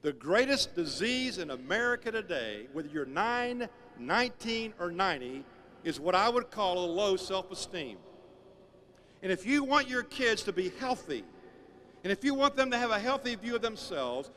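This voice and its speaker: A man giving a sermon-style talk, telling stories with emphatic, animated delivery. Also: high-pitched, moderate pace. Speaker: speaker.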